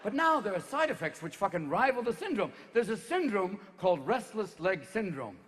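A man in his fifties performing a rapid-fire stand-up comedy routine live on stage, jumping into voices. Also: high voice, very animated, big-room sound, slight background noise. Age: 50s. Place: live stage before an audience.

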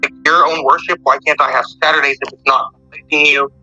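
A man calling in to share a personal story, talking earnestly and haltingly with many fillers. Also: a little high, little pitch movement, sharp tone, highs cut off, faint music behind. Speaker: caller sharing a story. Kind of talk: casual storytelling.

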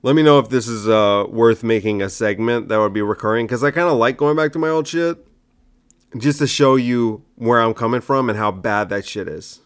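Young comedian guy rambling solo on his podcast, roasting his own bad jokes, mid pitch. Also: moderate pace, clean tone. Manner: rambling, self-mocking, picks apart his own jokes. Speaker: stand-up comedian and podcast host. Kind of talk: casual solo podcast monologue.

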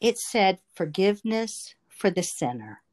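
A woman's voice: mid-range voice, very animated, a little slow, a little mellow. A woman telling a personal faith testimony in an earnest, emotional storytelling manner. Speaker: testimony speaker.

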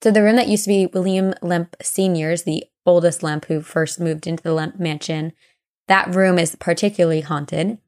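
A young woman with a somewhat low voice co-hosts a casual podcast. She tells ghost stories in a chatty, animated way and acts out the people in them. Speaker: podcast co-host. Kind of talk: casual chat, storytelling ghost lore.

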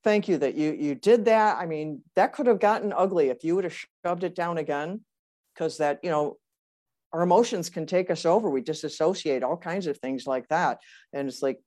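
A woman's voice: low-pitched, moderate pace, mellow. A woman hosting a conversation, empathetic and encouraging toward her guest. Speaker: host. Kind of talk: conversational interview.

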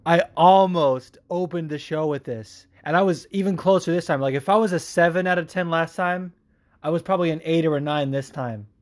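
A man talks on his podcast in a loose, profane rant, pressing his points over and over. His voice sits a bit high and the sound is dry and close, with no room around it. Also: brisk, no room sound. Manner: profane, ranting, emphatic. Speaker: podcast host. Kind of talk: casual chat. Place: home room with cats.

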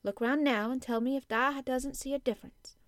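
Gentle country boy, calm coaxing delivery, woman narrator playing him, dry audio. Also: sits high, fairly quick, dry recording, voice pushed up, natural voice. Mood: earnest. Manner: broad dialect, calm and coaxing. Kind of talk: audiobook character reading.

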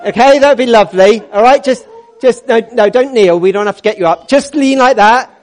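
A man's voice: very high-pitched, a little fast. A man leading a church congregation, upbeat and jokey as he coaxes people into place. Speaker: church service leader.

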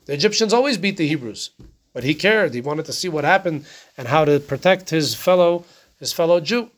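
A man's voice: on the high side, expressive, fairly quick. A man teaching a casual Torah class, talking conversationally, often asking rhetorical questions and checking in with "right?".

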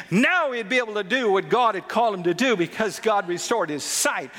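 A man's voice: extremely high pitch, bright, forceful tone, in a large hall. A man preaching a sermon as a pastor, emphatic and repeating phrases for stress.

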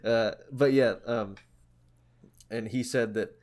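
A man's voice: medium pitch, steady tone, slow pace, a crowd in the background. A young man co-hosting a casual podcast, rambling with many fillers and restarts as he retells an interview. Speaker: podcast co-host. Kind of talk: casual chat about music.

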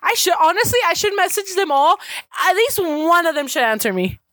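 A woman's voice: very high-pitched, very animated, fairly quick, no room sound, studio quality. A young woman co-hosting a podcast in casual, playful chat, laughing often and now and then doing a mock sports announcer. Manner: playful, giggly, breaks into mock announcer shouts. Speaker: podcast co-host.

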